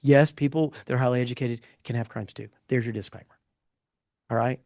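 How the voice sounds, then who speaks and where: A middle-aged man presenting poll findings in a casual live talk, blunt and animated, rambling with restarts. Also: mid-range voice, brisk, no echo, studio quality. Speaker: pollster presenting poll results.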